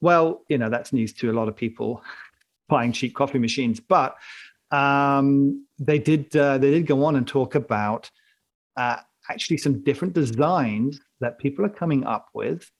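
A man's voice: mid-range voice, moderate pace. A man co-hosting a casual live podcast chat, joking and rambling and laughing often. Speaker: podcast co-host.

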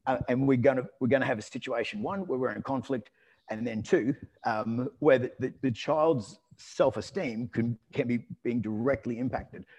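A man telling a story in a relaxed conversational way, rambling with restarts and fillers. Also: mid-range voice, moderate pace, breathy edge. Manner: lively and amused when telling anecdotes.

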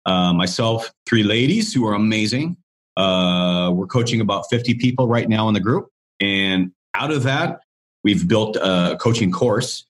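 The interviewee, a business coach, recounts a story in a rambling, talkative manner, with many restarts and repeated "you know"s. His lowish voice is expressive and a little slow.

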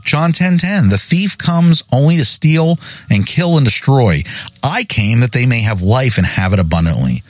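A man's voice: medium pitch, sing-song, normal speed, no echo, soft background music. A man hosting a devotional podcast sermon, reading verses and pressing listeners with pointed, repeated questions. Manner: emphatic, repeats key phrases. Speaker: podcast host.

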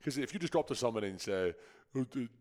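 Quick-talking male podcast co-host. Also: medium pitch, lively intonation, a little mellow. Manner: quick, asks questions to steer the talk. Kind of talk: casual podcast chat.

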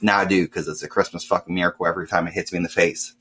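A young man telling a casual, profane story and acting out loud voices. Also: deep voice, fairly even intonation, racing. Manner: swears often, acts out voices loudly.

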